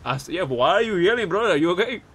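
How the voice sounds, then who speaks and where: Fast-talking man playing a roleplay cop. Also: high-pitched, lively intonation, a bit bright, a little hiss or hum. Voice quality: fast, pushy questioning, slips into Spanish. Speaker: police officer character in roleplay.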